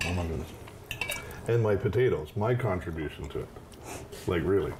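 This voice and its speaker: A relaxed, joking man acts as the taster on a cooking show, mostly giving short replies. His voice is very deep, and clear kitchen noise and clatter sit behind it in the studio recording. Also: a little fast. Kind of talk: casual chat.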